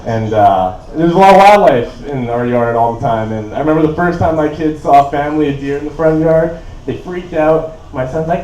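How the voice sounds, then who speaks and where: A man's voice: on the high side, a little fast, a little mellow. Young man, Canadian, stand-up comic, rambling casual delivery, echoey stage sound. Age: 20s. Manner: laid-back and rambling, full of "like" and "uh". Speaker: stand-up comedian. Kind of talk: stand-up comedy set. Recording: roomy echo, voice from a distance.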